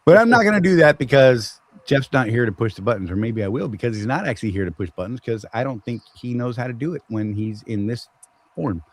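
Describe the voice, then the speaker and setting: A man's voice: mid-range voice, expressive, brisk, low-quality recording. A man with a Southern accent hosting a casual live chat, rambling and teasing with jokes. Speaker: show host.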